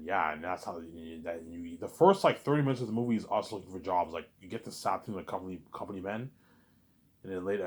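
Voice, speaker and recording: A man hosting his own listening series, talking in a rambling, excited way, stumbling over repeated words and often asking "you know what I'm saying". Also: low voice. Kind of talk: rambling casual monologue.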